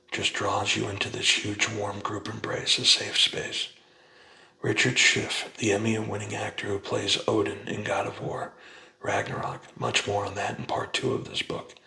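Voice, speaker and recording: A man reading a book aloud in a soft, unhurried ASMR whisper. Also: lowish voice, gravelly, echoey room, low-quality recording. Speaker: ASMR reader.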